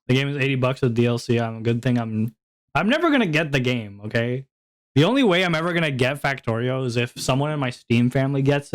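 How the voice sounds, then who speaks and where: A young man chatting casually on a livestream, rambling to his viewers with frequent laughs and swearing. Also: medium pitch. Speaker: VTuber streamer.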